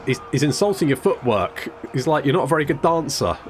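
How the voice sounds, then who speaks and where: A man's voice: fairly high pitch, big pitch swings, fairly quick, soft background music. Wry chatty man commentating a game. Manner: chatty, wry, swears casually, trails off and restarts. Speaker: gameplay commentator. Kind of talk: casual let's-play commentary.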